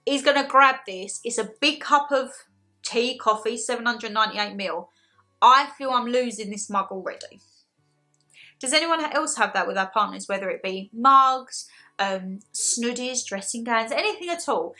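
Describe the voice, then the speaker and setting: A young woman chatting casually in a haul video, animated and self-deprecating, laughing often as she talks. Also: a little high, normal speed, faint music behind. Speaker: haul vlogger.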